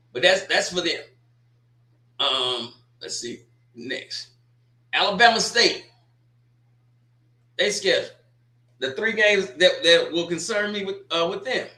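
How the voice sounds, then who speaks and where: A man's voice: high voice, lively intonation, unhurried, pauses often, bright, forceful tone, echoey room. A man hosting a sports talk show, rambling through a casual opinion monologue with folksy asides.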